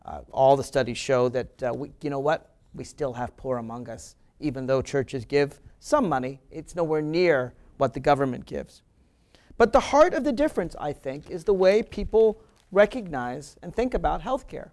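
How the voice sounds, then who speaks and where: A man's voice: fairly high pitch, animated, moderate pace, a little mellow. A man hosting a political talk radio show, delivering an emphatic, argumentative monologue that mocks his opponents.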